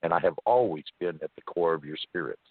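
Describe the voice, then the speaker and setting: An ancient, bearded, wise spirit, as a man puts him on, speaking in a low, husky voice. He is plainspoken and blunt, and the sound comes over a dry, muffled phone line. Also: fast talker, no echo. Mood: reassuring.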